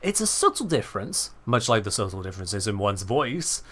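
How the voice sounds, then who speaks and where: A British man streaming a game, giving chatty, animated live commentary. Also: on the low side, moderate pace. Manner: chatty, animated, self-correcting.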